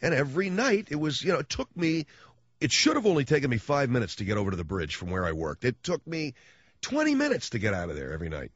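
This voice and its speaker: A middle-aged radio host spins rambling, slangy stories with a lively voice that swings up and down in pitch. The recording is dry and dull, like an old lo-fi broadcast. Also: male voice, quick pace, husky, no echo. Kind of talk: casual storytelling monologue.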